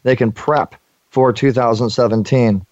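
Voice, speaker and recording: A man's voice: medium pitch, fairly even intonation, darkish tone, dry recording. Radio host guy, keeps restarting his sentences, dry, kinda dull sound. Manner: halting, many restarts and fillers. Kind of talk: conversational radio interview.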